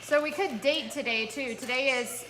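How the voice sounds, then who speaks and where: Easygoing mom chatting at home, slightly high voice, echoey w/ music. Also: female voice, moderate pace. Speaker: vlog host, mom and homeschool teacher. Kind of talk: casual chat. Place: home under renovation, indoors.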